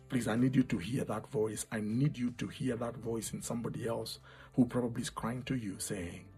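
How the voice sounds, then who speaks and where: Husky-voiced man preaching a sermon. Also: mid-range voice, animated, a little fast, faint music behind. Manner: impassioned, repeating phrases, dropping to a hush.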